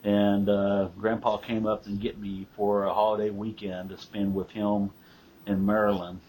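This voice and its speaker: A man's voice: lowish voice, level tone, normal speed, darkish tone, a little hiss or hum. A man, co-hosting and telling a rambling family story, often correcting himself. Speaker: co-host, son of the guest.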